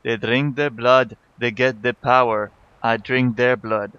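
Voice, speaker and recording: A man's voice: medium pitch, fairly even intonation, measured pace, fairly bright tone, clear, resonant tone, muffled recording, lightly acted. Man putting on a scheming troll blood-mage. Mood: intoning. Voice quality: put-on island lilt, rolling and emphatic.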